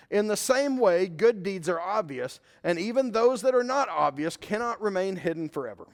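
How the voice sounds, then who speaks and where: A pastor with a high-pitched, gravelly voice preaches a conversational sermon in a church sanctuary, weaving scripture together with a personal story. Long hall reverb fills the recording.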